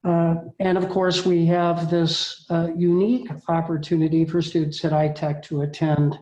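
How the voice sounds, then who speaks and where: A man speaking as a school district administrator in a formal meeting, measured and halting, with many fillers. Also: on the high side, monotone, darkish tone. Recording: echoey room.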